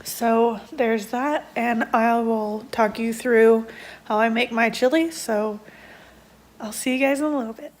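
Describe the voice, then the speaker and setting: A woman's voice: on the high side, fairly even intonation, measured pace. A young woman at home, a stay-at-home mom chatting casually and rambling with lots of fillers in a day-in-the-life vlog.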